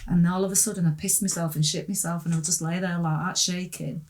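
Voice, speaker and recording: Podcast guest: woman, low-ish voice, blunt and earthy, animated storyteller. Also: quick pace. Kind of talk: candid storytelling in conversation.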